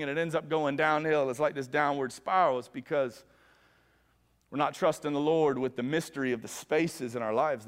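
High-voiced preaching man in echoing hall. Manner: fervent preaching, swings from hushed to loud. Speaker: pastor. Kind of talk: sermon. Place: church sanctuary. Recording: long reverb of a large hall.

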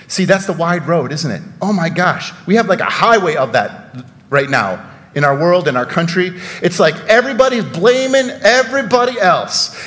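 A man's voice: medium pitch, animated, normal speed, a bit bright. Man, pastor, casual sermon, rhetorical questions, sarcastic asides, long church reverb.

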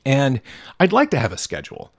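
A man's voice: medium pitch, wildly swooping pitch, fairly quick, breathy edge, no room sound, studio quality. A man hosting his own podcast, ranting in a profane, worked-up way with frequent stumbles and restarts. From Pacific Northwest of the US. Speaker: podcast host. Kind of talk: solo podcast monologue.

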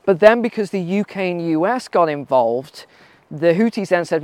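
A man's voice: high-pitched, expressive, normal speed, no room sound. Man with a raised, dry-sounding voice. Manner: conversational, rhetorical questions, frequent fillers. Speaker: vlogger. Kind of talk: casual commentary while walking outdoors. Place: outdoors on a mountain trail.

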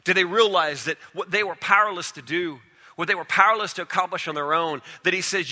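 A man preaching a sermon, retelling stories in an animated way and acting out their characters. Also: a little high, a little fast, in a large hall. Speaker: pastor.

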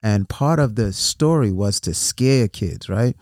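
A man's voice: fairly low pitch, lively intonation, a little slow, a little mellow, no room sound, clean studio sound. A man who hosts a podcast and works as a motivational speaker. He talks casually and keeps repeating words and asking "right?". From New York City. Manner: conversational, repeats words, asks "right?" often. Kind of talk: casual solo podcast talk.

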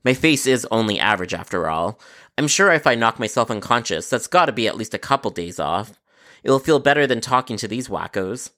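A man narrating his call center stories in a sarcastic, exasperated tone, with deadpan asides. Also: mid-range voice, a little fast. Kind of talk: scripted storytelling narration.

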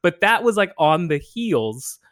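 Animated laughing man, dry mic. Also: sits high, unhurried, no echo. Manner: animated, laughing storyteller who acts out quotes; swears freely. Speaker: podcast co-host. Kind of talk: casual movie chat.

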